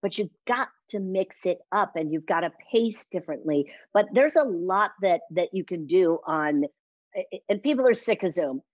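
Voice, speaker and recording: With a lowish voice and a moderate pace, a woman who coaches speaking gives an energetic interview, voicing little quotes in varied tones. The recording is dry, with its highs cut off.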